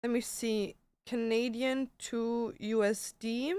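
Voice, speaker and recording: A woman's voice: on the high side, steady tone, takes it slowly, darkish tone, clean tone, no echo. A young woman chatting casually on a livestream, peppering her talk with "like" and swearing. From Germany. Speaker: streamer. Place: home.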